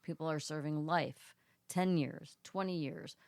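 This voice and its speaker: A woman's voice: deep voice, steady tone, unhurried, darkish tone, no room sound, studio quality. A woman co-hosting a casual podcast, talking in a blunt, matter-of-fact way. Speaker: podcast co-host.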